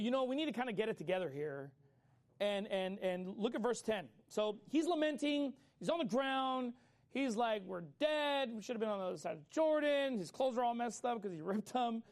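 A man preaching a sermon in a casual, conversational way, acting out people's complaints and urging listeners to get up and act. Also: sits high. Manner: fast, animated delivery. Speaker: pastor.

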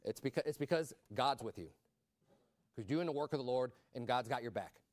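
A man preaching a sermon in a conversational way, rising to loud emphatic peaks. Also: medium pitch, a little fast, no room sound.

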